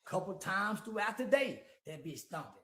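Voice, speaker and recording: High-voiced blunt man in a roomy space. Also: very animated, normal speed, a bit bright. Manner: blunt, profane, lots of slang and repeated "yeah". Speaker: guest commentator. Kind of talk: casual street commentary.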